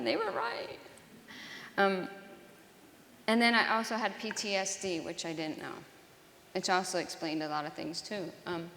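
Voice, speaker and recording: A woman telling her own story to an audience in an earnest, halting way, often restarting her sentences. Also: mid-range voice, fairly bright tone. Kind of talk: personal testimony talk to an audience. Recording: roomy hall with long reverb.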